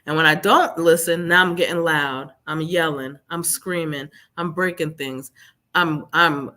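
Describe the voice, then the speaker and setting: A woman guest telling her own story in a live interview, animated and acting out what others said. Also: low-pitched, measured pace.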